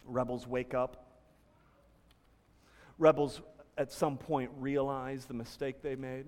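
A man preaching a sermon as a pastor, earnest, moving between hushed, soft passages and emphatic ones. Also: mid-range voice, level tone, slow, big-room sound.

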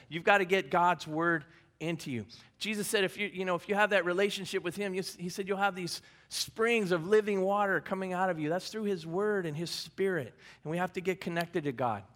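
A man's voice: high voice, fairly bright tone. A male pastor giving a sermon in a conversational way, repeating key phrases and adding light humor. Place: church service.

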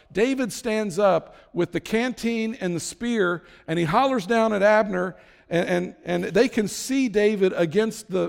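A man preaching a sermon, retelling a Bible story in an animated way and slowing down to drive points home. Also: high voice, creaky, big-room sound. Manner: animated storytelling, slows down for emphasis. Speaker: pastor.

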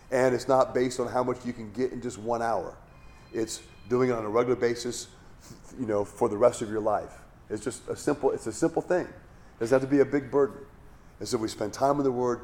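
A man's voice: medium pitch, darkish tone, slight background noise. Conversational male pastor teaching a Bible study. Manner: conversational, repeats and restarts phrases, checks in with "all right?".

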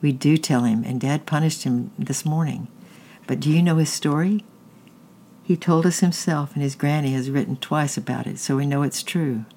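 A narrator voicing a gentle, caring mother who talks calmly and reasons with her daughter. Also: mid-range voice, moderate pace, slight background noise, close to an everyday voice.

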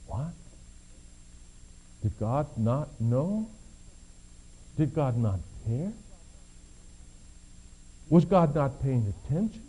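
A man preaching a sermon, shifting between hushed low passages and emphatic raised appeals. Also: husky, poor audio. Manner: dramatic, swings from hushed to emphatic. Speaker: pastor.

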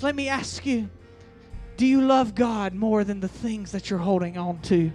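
High-voiced preacher in full flow. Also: male voice, fairly even intonation, a little mellow, soft background music. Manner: preaching with rising bursts and slow emphatic lines. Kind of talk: fiery revival sermon.

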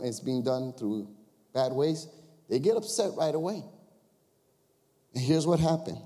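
Man, pastor, sermon, animated, conversational, rhetorical questions, long church reverb. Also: on the high side.

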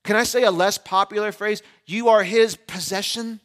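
A man in his forties preaching a sermon as pastor, animated and shifting between loud emphasis and hushed asides, in a church. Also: high voice, moderate pace. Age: 40s.

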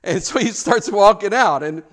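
A middle-aged man delivers a sermon in a loose, conversational way. His voice sits high for a man, and he slips into animated little performances of the people in his story. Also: moderate pace. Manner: chatty, animated, acts out quotes. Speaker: pastor.

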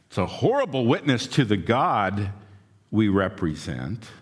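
A male pastor preaching a sermon in a relaxed, conversational storytelling manner, recorded in a church sanctuary. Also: on the low side, husky. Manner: conversational storytelling, acts out quotes. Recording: long hall reverb.

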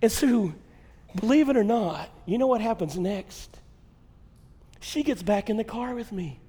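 A man pastor, preaching a sermon and telling a funny story in an animated, storytelling way in a church. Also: high voice, a little slow, slightly rough. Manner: animated storyteller who acts out his wife's yelling. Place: church sanctuary. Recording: long hall reverb.

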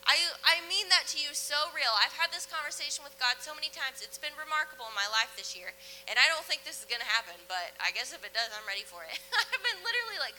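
A woman's voice: high-pitched, expressive, fast talker, bright, forceful tone, a little hiss or hum. A woman preaching a sermon in a church in a chatty, conversational way, often laughing between phrases.

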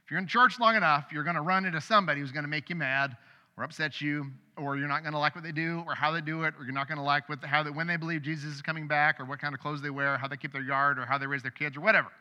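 A middle-aged man preaching a sermon as pastor, conversational and animated, with sudden loud bursts. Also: on the high side, rapid-fire, lo-fi sound. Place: church sanctuary. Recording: long hall reverb.

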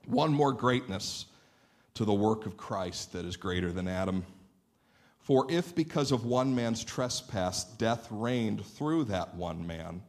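A man from Northeast Ohio preaching a sermon to a church congregation, telling animated stories and asking the listeners questions. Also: lowish voice. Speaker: pastor. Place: church sanctuary.

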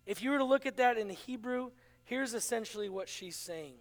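A man's voice: very high-pitched, expressive, brisk. A man preaching a sermon in a dramatic manner, acting out the quoted dialogue. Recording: long hall reverb.

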